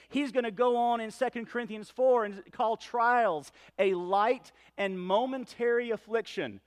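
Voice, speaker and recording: A man with a Southern US accent, a pastor preaching a sermon, reading scripture quietly, then building to loud, emphatic questions. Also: sits high, measured pace, few pauses.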